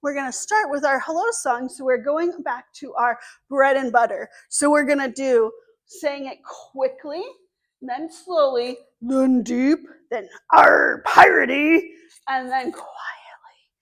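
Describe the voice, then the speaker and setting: High, slow, sing-song librarian woman. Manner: animated sing-song, slow and clear for kids. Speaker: children's librarian. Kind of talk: story time for young children.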